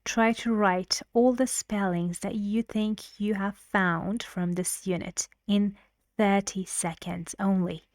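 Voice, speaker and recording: Woman pronunciation teacher: unhurried, encouraging, repeats words to model intonation; dry, close recording. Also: medium pitch, steady tone, no echo. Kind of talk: online pronunciation lesson.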